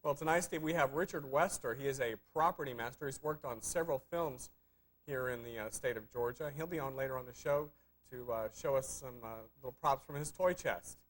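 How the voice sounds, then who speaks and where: Dry-humored man co-hosting a live TV film show, middle voice, halting with lots of ums. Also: medium pitch, fairly bright tone, rough recording. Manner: dry, teasing, hesitant with many fillers. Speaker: co-host of a film review show. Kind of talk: casual live TV chat.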